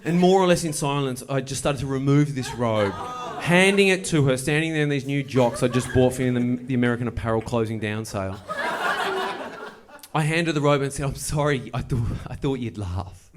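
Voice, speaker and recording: A man doing stand-up, telling a story with wry, deadpan delivery and playful asides. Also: medium pitch, brisk, a crowd in the background. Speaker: stand-up comedian. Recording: live show with audible noise. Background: audience laughter.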